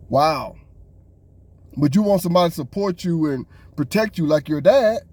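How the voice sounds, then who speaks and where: Exasperated man ranting, lively pitch. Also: moderate pace, slightly rough, no echo. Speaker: podcast co-host. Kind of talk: casual reaction commentary.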